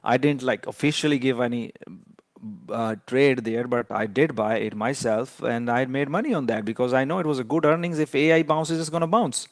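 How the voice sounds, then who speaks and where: A man's voice: mid-range voice, normal speed, no room sound, studio quality. A man giving a trading lesson in an emphatic, lecturing way, often repeating key points for stress. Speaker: trading educator.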